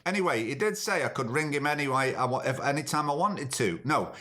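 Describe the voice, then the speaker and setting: Bright, chatty man telling jokes. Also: mid-range voice, animated, fairly quick. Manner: dry, chatty, jokey, self-interrupting. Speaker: podcast host. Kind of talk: comic monologue and phone bit.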